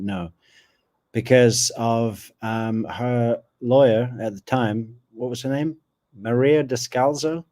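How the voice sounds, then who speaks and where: A man from Europe, live-streaming casual commentary and chatting with his viewers in a halting way with fillers. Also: medium pitch, darkish tone. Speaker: true crime streamer.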